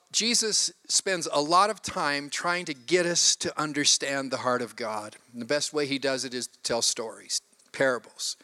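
A man's voice: on the high side, pushed and bright. A man preaching a sermon, animatedly retelling a story with quoted voices. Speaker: pastor.

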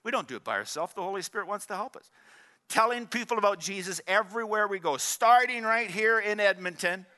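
A man, preaching a sermon in an animated, joking storytelling way and drawing in the congregation. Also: sits high, fairly quick. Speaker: pastor.

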